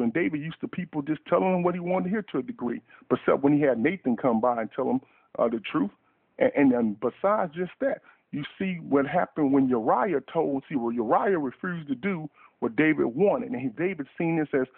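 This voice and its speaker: A man with a somewhat high, gravelly and husky voice preaches a fervent sermon on talk radio. He stacks and repeats words in urgent bursts. The sound is tinny and dry, as if through a phone line. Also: expressive, a little fast, no echo.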